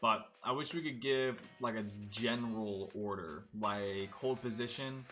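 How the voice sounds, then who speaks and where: A man casually commenting as he plays a tank game, thinking aloud and getting excited when things blow up. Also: on the low side, a little slow, soft background music. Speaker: gameplay commentator. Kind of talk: casual let's-play commentary.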